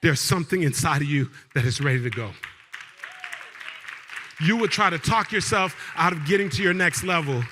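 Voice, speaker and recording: Give me a high, forceful-voiced man delivering a live keynote in a big reverberant hall, swinging from shouts to hushed lines. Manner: energetic call-and-response with the crowd; storytelling with big swings between loud and hushed. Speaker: keynote speaker. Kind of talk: motivational keynote. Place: large event hall.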